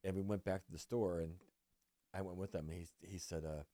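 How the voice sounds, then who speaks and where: A middle-aged man from Northern California, a guest cartoonist telling lively stories in a casual interview and acting out other people's lines. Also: deep voice, a little fast, dry recording, studio quality. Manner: lively anecdote teller who acts out other people's lines.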